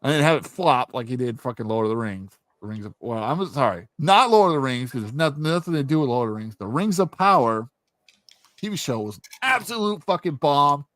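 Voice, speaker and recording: Profane, animated man ranting. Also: mid-range voice, brisk, no room sound. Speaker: indie author and channel host. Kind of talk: casual ranting monologue.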